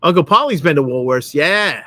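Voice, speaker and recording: A man's voice: on the high side, animated, sharp tone, no echo. A man hosting a laid-back live stream, reading viewers' comments aloud as they come in. He rambles and stalls on fillers between thoughts. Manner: rambling, halting with fillers while reading chat. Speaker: host. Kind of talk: casual live-stream chat.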